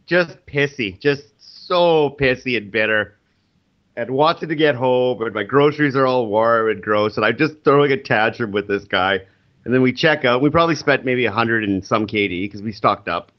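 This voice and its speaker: A man who is a teacher, telling a story in casual chat, animated and acting out the people he quotes. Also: mid-range voice, normal speed, highs cut off.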